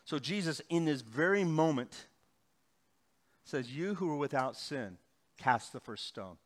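A middle-aged male pastor preaching a sermon, swinging between loud emphatic bursts and quiet, slow passages. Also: on the high side, lively intonation.

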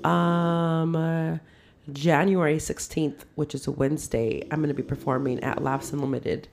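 A woman hosting a chatty podcast, her voice sitting a little low. She talks loosely in slang, laughing between lines, with faint noise in the background. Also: measured pace, vocal fry. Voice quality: animated, laughs often, slangy. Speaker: podcast host and comedian. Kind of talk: casual chat.

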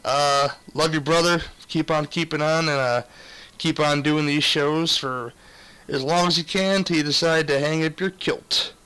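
Bright-voiced man leaving a friendly voicemail. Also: fairly high pitch, steady tone, a little slow, clear, resonant tone, poor audio. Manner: friendly, rambling, joking. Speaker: fellow podcaster leaving a voice message. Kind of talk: casual recorded voice message.

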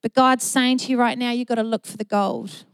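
A woman's voice: a little high, fairly even intonation, a little fast, clean tone, no echo, rough recording. A middle-aged woman pastor, preaching a sermon in an earnest, emphatic way with repeated phrases.

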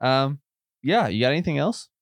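A man's voice: mid-range voice, big pitch swings, moderate pace, no room sound. A man with a country Southern US accent co-hosting a film podcast in easy, rambling casual chat. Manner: laid-back, rambling, says bro and man. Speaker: podcast co-host.

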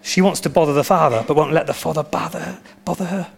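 A man preaching a sermon as pastor, with animated storytelling and emphatic repetition. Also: fairly high pitch, fast talker, vocal fry, breathy edge.

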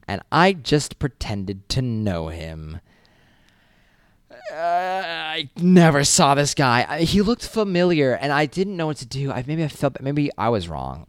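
A young man from Massachusetts, a college student, tells casual stories for a vlog in a lowish voice, rambling and chatty with lots of fillers and restarts. The recording is dry and studio quality.

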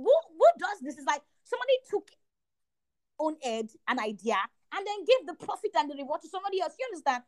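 A young woman with a high, bright voice tells a personal faith story on a podcast. She is animated and emphatic and leans on repetition to drive her points home. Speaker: podcast co-host. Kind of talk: faith testimony chat.

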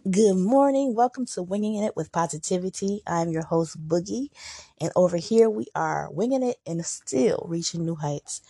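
A woman hosting a motivational podcast, talking in a casual, upbeat and chatty way with lively jumps in her voice. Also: on the low side, creaky, no echo, clean studio sound. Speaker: podcast host.

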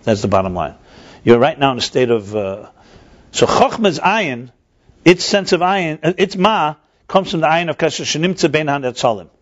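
A man's voice: a little high, lively intonation, moderate pace. A man teaching a text-study class, thinking aloud with frequent restarts and answering his own questions. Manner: explanatory, asks and answers himself. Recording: dull lo-fi recording.

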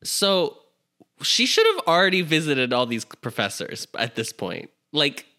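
A man co-hosting a casual podcast, chiming in with quick, nitpicking asides about a book and laughing often. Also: on the high side, very animated, sharp tone. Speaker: podcast co-host. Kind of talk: casual book-discussion chat.

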